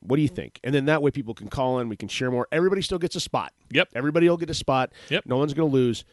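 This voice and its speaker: A man's voice: no echo, clean studio sound. A man hosting an open-mic poetry radio show, chatting casually and joking in put-on voices. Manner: playful, jumps into high-pitched joke voices.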